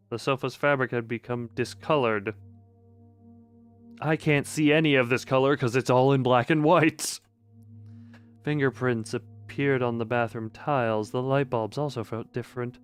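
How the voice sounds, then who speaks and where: A young man with a smooth, clear voice reads a game's story aloud for his stream, breaking off often with dry, joking remarks. Faint game music sits quietly behind him. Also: medium pitch. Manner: dry, joking commentary between narration. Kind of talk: reading a visual novel aloud with jokey asides.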